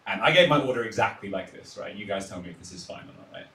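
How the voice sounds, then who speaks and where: A young English man delivers self-deprecating stand-up, often chuckling and hesitating with fillers. His voice sits low but swings widely in pitch. He is heard from a distance in a reverberant room with steady background noise. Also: fast talker, creaky, few pauses. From England. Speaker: stand-up comedian. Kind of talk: stand-up set. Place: small comedy room on a live stream. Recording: echoey room, distant mic, audible noise.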